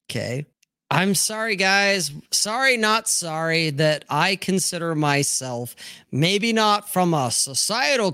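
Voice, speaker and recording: A man hosting a live-streamed discussion, swearing freely, laughing loudly and reading viewer comments aloud. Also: a little high, no room sound, studio quality. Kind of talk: casual live-stream chat.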